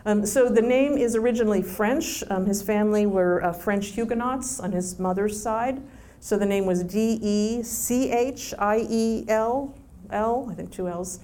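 A woman answering audience questions in a chatty, relaxed way, with frequent ums and restarts. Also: mid-range voice, a little hiss or hum. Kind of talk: casual Q&A answers.

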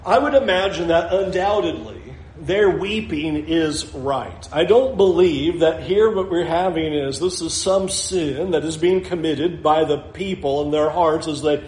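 A man's voice: a little high, measured pace, hardly any pauses, a little mellow. A man preaching an expository sermon as pastor, explaining scripture with dry humor. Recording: roomy echo.

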